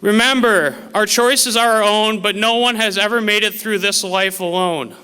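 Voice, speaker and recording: A man's voice: high-pitched, fairly even intonation, moderate pace, sharp tone, clear, resonant tone. A man, a teacher, giving an earnest, motivational graduation speech to a class of students. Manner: earnest, motivational, quotes famous sayings. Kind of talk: formal commencement speech. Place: large auditorium. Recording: echoey hall with long reverb.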